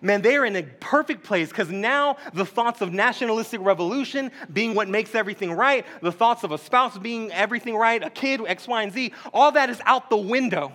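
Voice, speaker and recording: A male pastor delivers a sermon in an easygoing, joking manner, dropping slang into his teaching. His voice sits high for a man and rings bright and forward, carrying through a church hall. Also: expressive, fairly quick, few pauses. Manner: casual, joking preacher talk with slang.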